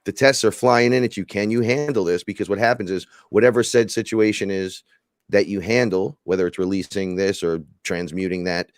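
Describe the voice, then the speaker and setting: A man talks in a loose, rambling way and slips into little acted-out quotes. His voice sits fairly low, and the sound is dry and close with no room around it. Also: a little fast, no room sound. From New York. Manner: rambling, animated, acts out quotes. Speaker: podcast guest. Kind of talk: casual chat.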